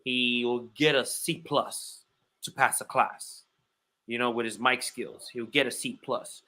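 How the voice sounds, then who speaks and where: A man with a bright, forward voice breaking down upcoming fights on a casual podcast. He talks emphatically and keeps repeating his points for weight. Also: mid-range voice, fairly even intonation, measured pace, poor audio. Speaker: podcast host and fight analyst.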